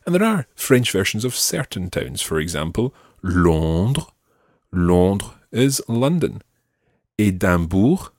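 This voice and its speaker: Low-voiced man teaching French. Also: sing-song, a little mellow, no echo, studio quality. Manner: slow, carefully enunciated model phrases. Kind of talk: language lesson.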